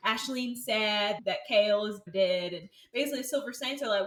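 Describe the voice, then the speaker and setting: A woman's voice: medium pitch, normal speed, hardly any pauses, a bit bright, reverberant. A young woman co-hosting a casual book podcast, laid-back and joking, with casual slang. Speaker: podcast co-host. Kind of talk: casual chat about a book.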